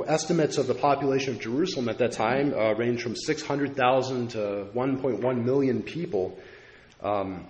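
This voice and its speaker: A man preaching a Bible study sermon, earnest and measured, with occasional filler pauses as he reads scripture aloud. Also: mid-range voice. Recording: echoey room.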